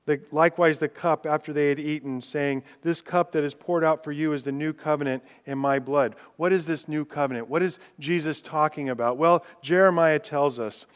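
A male pastor preaches in a church sanctuary, his smooth, resonant voice set a little high. He swings between loud declarations and hushed, drawn-out words, and he reads scripture with rising intensity. A long reverb from the large hall trails each phrase. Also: steady tone. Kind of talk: sermon.

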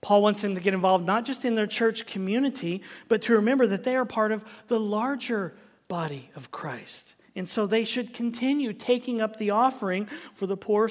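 A male pastor giving a conversational, joking sermon, now and then dropping to a soft near-whisper. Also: sits high, in a large hall.

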